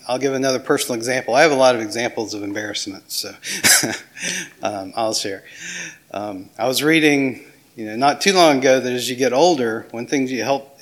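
A man's voice: mid-range voice, fairly bright tone. Southern-accented man preaching casually. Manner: casual, self-deprecating, with small laughs and restarts. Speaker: pastor. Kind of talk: sermon.

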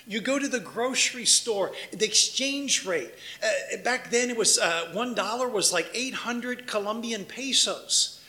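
A missionary from Washington, D.C. gives a conversational church talk, sharing anecdotes, acting out small exchanges and questioning the congregation. He has a high, sharp voice and an unhurried delivery.

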